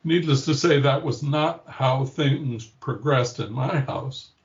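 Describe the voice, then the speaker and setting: Speaking slowly in a medium-pitched voice, this grandfather, an older patient being interviewed, reflects on a personal story and acts out the quoted voices. The recording has its highs cut off and a bit of background noise.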